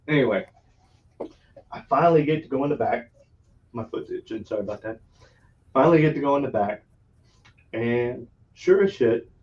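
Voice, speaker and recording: Speaking in a mid-range, slightly mellow voice, a man hosts a podcast and rambles through a long story in casual chat. He laughs a lot and swears freely. The audio is distant, dull and lo-fi.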